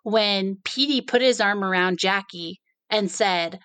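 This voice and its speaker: A woman with a mid-range voice tells stories in casual talk. She acts out what other people said with lively delivery. The recording is dry and close, with no room sound. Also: medium pitch, a little slow, hardly any pauses, clean tone, dry recording. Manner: animated, acts out quoted dialogue. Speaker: podcast co-host. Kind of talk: casual conversational storytelling.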